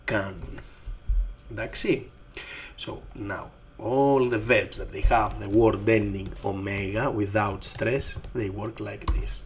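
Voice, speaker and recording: A man's voice: on the low side, steady tone, slow, slight background noise. A man with a Greek accent, a native Greek speaker teaching his language in English, patiently repeating each form. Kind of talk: slow explanatory lesson.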